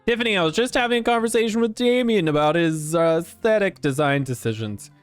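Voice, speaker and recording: A man's voice: high voice, fairly quick, clear, resonant tone, no room sound, faint music behind, pitched above the performer's own voice, close to an everyday voice. A man voicing a polite, curious suburban dad neighbor.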